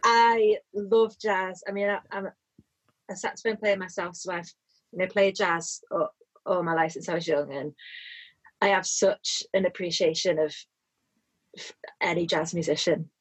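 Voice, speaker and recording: Female podcast guest, low husky voice, earnest casual chat. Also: fairly even intonation, moderate pace, pauses often, rough recording. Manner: earnest, searching for words. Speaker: podcast guest, saxophone player.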